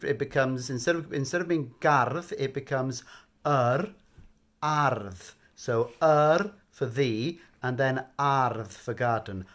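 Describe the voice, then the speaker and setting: A man giving a patient, gently coaxing bedtime language lesson. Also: medium pitch, slow. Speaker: language teacher.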